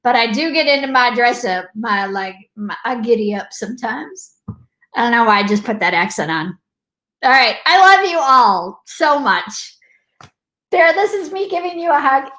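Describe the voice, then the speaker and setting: A woman's voice: a little high, a bit bright. A woman hosting a casual motivational live stream, bubbly and affectionate, chatting to her viewers. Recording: echoey room.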